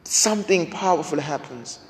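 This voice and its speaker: Man, preacher, high voice, long reverb, dramatic rhetorical questions. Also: lively intonation. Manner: slow, dramatic delivery with repeated rhetorical questions. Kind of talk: sermon.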